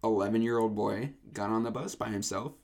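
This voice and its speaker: A man's voice: lowish voice, steady tone, fairly quick, darkish tone. Young man rambling through a bus story. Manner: laid-back, rambling storyteller. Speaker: podcast co-host. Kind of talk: casual anecdote telling.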